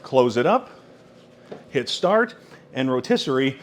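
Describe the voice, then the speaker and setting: A man's voice: medium pitch, big pitch swings, a little slow, slight background noise. A man presenting a countertop cooker in a product demo, exclaiming with enthusiasm over the food. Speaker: product demonstrator.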